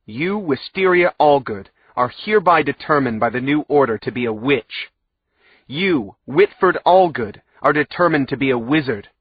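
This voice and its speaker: A man doing a sanctimonious, tyrannical old judge for an audiobook, who roars his verdicts with self-righteous contempt. The voice sits at a middling pitch with a husky edge, and the sound is dry and a little muffled. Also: animated, normal speed, no room sound. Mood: sentencing. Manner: bellowing, sanctimonious, condemning. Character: fanatical pompous older male judge. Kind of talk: audiobook character voice.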